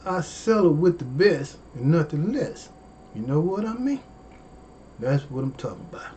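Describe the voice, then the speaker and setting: A man, hosting a comedy livestream in casual chat, animated and folksy, with drawn-out exclamations. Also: a little high, slight background noise.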